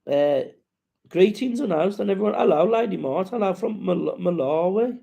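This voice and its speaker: A man's voice: sits high, lively intonation, normal speed, vocal fry, dark tone, breathy edge. A man hosting a casual live-stream chat, rambling and sweary as he greets viewers and reads out their comments.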